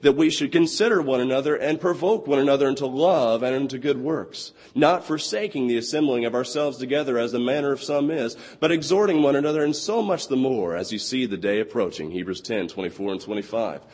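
Young male preacher with a hoarse, lost voice; earnest, slow on scripture, in a reverberant hall. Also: mid-range voice, darkish tone. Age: 20s. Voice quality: husky. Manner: earnest, quotes scripture slowly and deliberately. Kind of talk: sermon.

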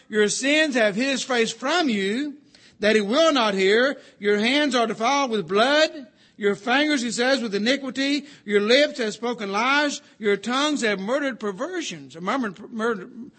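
A man preaching an earnest sermon, repeating key phrases slowly for emphasis. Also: high voice, sharp tone.

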